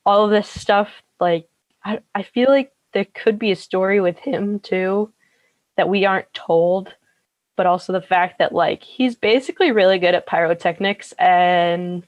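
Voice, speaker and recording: A young woman co-hosting a podcast, chatting casually and filling pauses with ums and likes. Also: mid-range voice, no echo, lo-fi sound. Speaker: podcast co-host. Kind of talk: casual chat.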